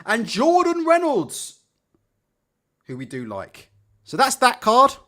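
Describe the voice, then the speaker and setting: A man's voice: very high voice, slow pace. A man hosting a live boxing stream, swearing and sarcastic in his commentary. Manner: profane, sarcastic, animated. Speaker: boxing show host.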